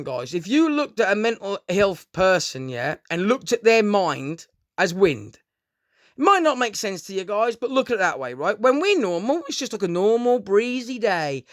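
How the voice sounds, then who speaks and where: A man's voice: extremely high pitch, a bit bright, no echo, clean studio sound. A man ranting in a rambling, casual monologue, swearing a lot and often calling his listeners "guys". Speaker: vlogger. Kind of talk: casual unscripted monologue to camera.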